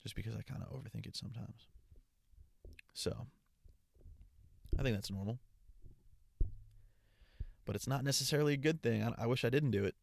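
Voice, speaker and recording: A man's voice: mid-range voice, moderate pace, vocal fry, pauses often. A young man hosting his own podcast alone, rambling casually in a stream of consciousness into a portable travel mic. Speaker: podcast host. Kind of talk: casual solo podcast monologue.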